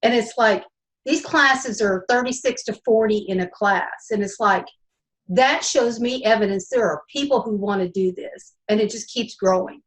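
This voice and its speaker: A woman guest talks casually in a chatty, meandering way, restarting her sentences as she goes. Her voice sits somewhat high. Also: normal speed, rough recording. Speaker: podcast guest, horse trainer. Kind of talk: casual chat.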